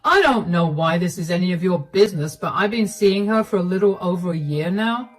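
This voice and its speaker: A callous middle-aged husband who brushes off his wife with cold condescension, voiced by a woman telling the story. He sounds plain and unhurried rather than theatrical. A soft bed of music runs quietly beneath him. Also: fairly low pitch, expressive, rough recording. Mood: dismissive. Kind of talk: storytelling voice acting.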